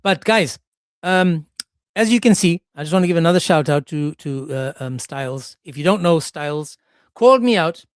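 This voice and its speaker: An animated male streamer talking to his chat in a sarcastic, joking way. His voice sits fairly high for a man. The sound is dry and close. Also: normal speed, clear, resonant tone, no echo. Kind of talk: casual livestream commentary.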